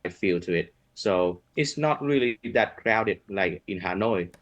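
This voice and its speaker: Low-voiced Vietnamese man, hesitant. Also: lively intonation, a little slow, lo-fi sound. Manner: hesitant, reformulating mid-sentence. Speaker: test candidate. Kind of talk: speaking exam answers. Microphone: video call.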